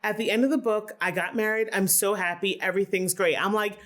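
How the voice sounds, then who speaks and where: Woman, from Philadelphia, podcast guest, candid casual talk, lots of "like", mid-pitched. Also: a little fast. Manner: candid, animated, heavy use of "like". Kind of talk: casual conversation.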